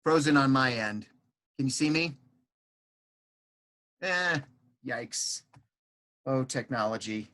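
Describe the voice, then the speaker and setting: A man's voice: mid-range voice, animated, takes it slowly, pauses often, a bit bright. A man hosting an interview over a video call, chatty and encouraging, asking follow-up questions. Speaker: interview host, musician. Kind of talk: casual interview.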